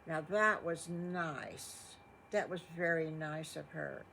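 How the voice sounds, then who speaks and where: A woman's voice: low voice, takes it slowly, creaky, sharp tone, a little hiss or hum, low-quality recording. An older woman telling improvised children's stories, folksy and rambling. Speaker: grandmother storyteller. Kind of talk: improvised bedtime storytelling.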